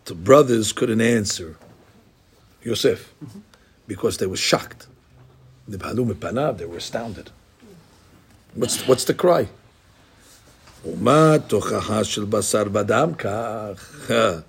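A man teaching a Talmud class in an animated, repetitive way, dropping Hebrew and Aramaic terms into his speech. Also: fairly low pitch, slow pace, pauses often, slightly rough. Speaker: Torah teacher.

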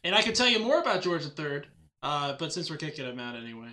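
A man's voice: a little high, big pitch swings, fast, sharp tone. A man co-hosting a podcast in casual chat, joking and laughing often. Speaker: podcast co-host.

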